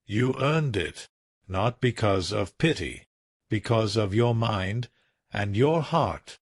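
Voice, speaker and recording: Man doing firm company boss, commanding, measured, slow, dry, lively pitch. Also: breathy edge, no echo, exaggerated voice. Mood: warm, firm.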